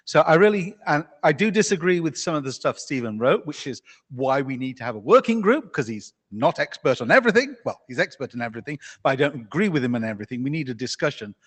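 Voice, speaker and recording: A man's voice: fairly high pitch, lively intonation, fast talker, hardly any pauses, a bit bright. A man speaking earnestly and a little rambling at an open microphone during a standards meeting discussion. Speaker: meeting participant. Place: large meeting hall. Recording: long hall reverb.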